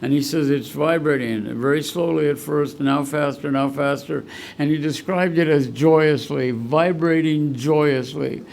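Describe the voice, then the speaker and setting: Gravelly, heartfelt man telling his story. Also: fairly high pitch, unhurried, darkish tone, slight background noise. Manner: heartfelt, rambling storyteller who chokes up. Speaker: guest speaker at a recovery meeting. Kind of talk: personal recovery talk. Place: meeting room at a school.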